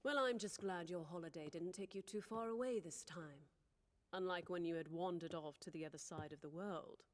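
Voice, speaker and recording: An actor voicing a young aristocratic boy in an anime, who speaks in a crisp, clipped, imperious way. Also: medium pitch, normal speed, lightly acted. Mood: dry. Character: young aristocratic boy, cold, commanding and curt. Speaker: anime character. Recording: anime clip with music underneath. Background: background music.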